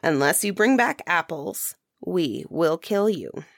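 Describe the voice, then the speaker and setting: A woman voicing a spoiled, cruel young stepsister in a storybook, sharp and bossy. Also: on the low side, sing-song, slow, vocal fry, no echo, clean studio sound, heavily acted. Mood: scolding.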